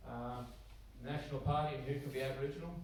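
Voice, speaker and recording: Speaking fast at a medium pitch with fairly even intonation, this Australian man addresses a church congregation as an Anglican priest in a conversational talk. He performs bits of dialogue using changing voices. Sound is captured from afar in a highly reverberant hall, with slight background noise.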